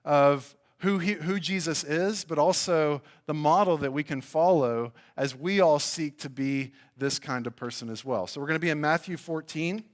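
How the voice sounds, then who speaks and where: Man, pastor, sermon, somewhat high voice, chatty with restarts. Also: moderate pace, hardly any pauses. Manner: conversational preaching with fillers and restarts. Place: church.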